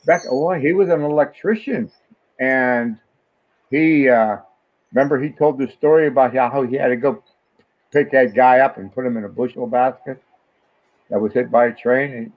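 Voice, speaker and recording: A man's voice: medium pitch, moderate pace. An older man, the host's father and guest, telling rambling stories in a casual chat over the phone. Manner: rambling anecdotes with restarts. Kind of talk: casual storytelling. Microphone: phone call. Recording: tinny phone line.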